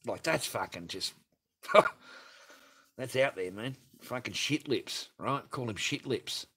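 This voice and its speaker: Reading out superchats on his livestream, this host laughs and rants crudely in a casual manner. He speaks slowly and animatedly at a medium pitch, his tone bright and forceful with a breathy edge.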